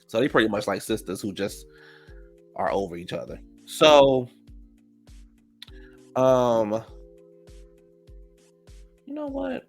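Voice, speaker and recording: Recap host, male, gravelly voice, mid pitch, gossipy and profane, faint music behind. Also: huge pitch swings, slow pace, pauses often. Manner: gossipy, profane, reacts loudly to the drama. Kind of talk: casual episode recap.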